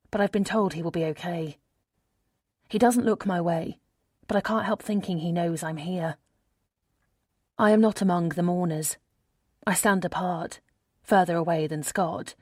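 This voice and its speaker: A woman narrates a first-person audiobook in a measured, intimate way. Her voice sits on the low side. The close studio recording is dry, with no room sound. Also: a little mellow, dry recording.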